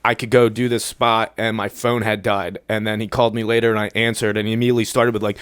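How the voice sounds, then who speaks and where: A man in his thirties from New Jersey, a podcast guest telling a story in casual chat, laughing often and quoting people in animated bursts. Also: lowish voice, quick pace, clean tone, dry recording, clean studio sound. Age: 30s.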